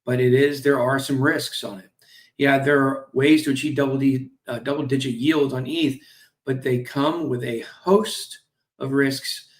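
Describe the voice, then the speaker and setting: Speaking unhurriedly at medium pitch with fairly even intonation, this crypto show host reads company news aloud and riffs on it with jokes, fillers and apologies. He's tired, yawning now and then, heard through a streaming mic.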